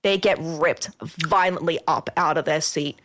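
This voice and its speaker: A woman telling a ghost story on a casual podcast, animated and swearing often, acting out what people said. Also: sits low, a little slow. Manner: animated, swearing, acts out quotes. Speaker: guest.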